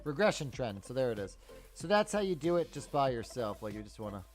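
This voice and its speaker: A man's voice: medium pitch, a little fast, soft background music. A man in his thirties hosting a live stock-trading stream, talking casually and tiredly, then ranting with lots of swearing. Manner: profane, ranting, animated. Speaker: livestream stock trading host. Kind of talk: casual live market commentary.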